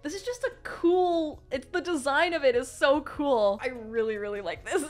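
A young woman hosting a casual unboxing vlog, gushing and excitable, often squealing with delight. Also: high-pitched, unhurried, hardly any pauses. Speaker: YouTuber. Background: faint lo-fi music.

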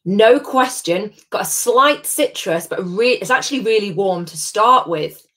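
A woman's voice: medium pitch, animated, measured pace, a bit bright. Bubbly woman hosting a live tasting. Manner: chatty and bubbly, greets viewers by name. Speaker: host of a live gin tasting. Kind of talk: live-streamed tasting chat.

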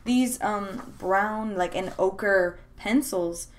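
Speaking extremely slowly from a room at home, a young art vlogger talks casually and excitedly about her sketchbooks, wandering through fillers and restarts. Her voice is medium in pitch, with slight background noise audible.

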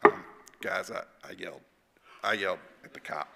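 A quiet, sheepish teenage boy who mumbles and stammers in a low, hesitant voice, as a man telling the story puts him on. The voice hangs in a long hall reverb. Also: moderate pace, creaky, exaggerated voice.

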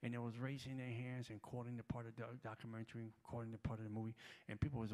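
A man preaching a sermon as a guest at a church prayer gathering, telling a story with heavy repetition and building to loud shouts. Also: mid-range voice, little pitch movement, rapid-fire, few pauses.

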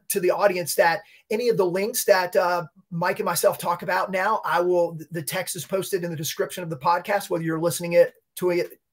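A man hosting a podcast interview, effusive and prone to repeating his thanks, from North Carolina. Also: high-pitched. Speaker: podcast host. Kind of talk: casual interview.

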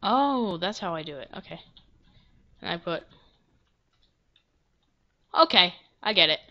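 A woman's voice: on the low side, lively intonation, unhurried, lo-fi sound. Chatty woman narrating her gameplay. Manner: chatty, self-deprecating, bursts into loud yelps. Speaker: gameplay video creator. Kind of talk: casual let's-play commentary.

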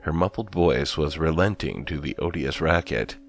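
Very deep-voiced male horror narrator. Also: soft background music. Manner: slow, grave, dramatic reading.

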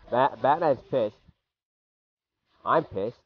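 A man hosting a gaming video, giving excitable let's play commentary, swearing and shouting at the game from a hot room at home. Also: lowish voice, unhurried, long pauses, no echo, narrow, tinny audio.

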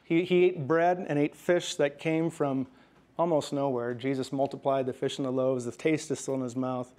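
A man preaching a sermon in a conversational way, checking in with the congregation and slowing down softly when he quotes scripture. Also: mid-range voice, fairly even intonation. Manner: conversational preaching with frequent "right?" and "okay?"; slows and softens when quoting scripture. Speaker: pastor.

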